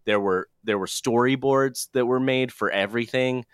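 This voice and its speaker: A man's voice: medium pitch, normal speed, clear, resonant tone, dry recording, studio quality. A man co-hosting a podcast, easygoing and casual, talking with many fillers. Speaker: podcast co-host. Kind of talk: casual chat.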